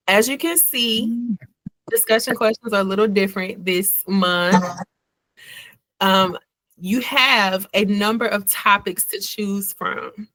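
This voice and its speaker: A woman's voice: mid-range voice, fairly bright tone, no room sound. A woman hosting a book club over a video call, laid-back and joking in a folksy way. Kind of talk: casual chat.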